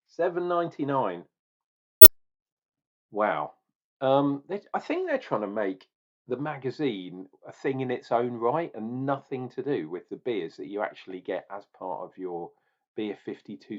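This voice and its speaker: A man's voice: mid-range voice, lo-fi sound. A man doing a casual beer review video, rambling with restarts and growing exasperated as he rants.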